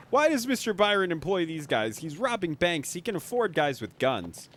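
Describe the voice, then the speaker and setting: A young man giving casual movie commentary, excitable and sarcastic, swearing often. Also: high-pitched, moderate pace, few pauses, slight background noise. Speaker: movie reviewer.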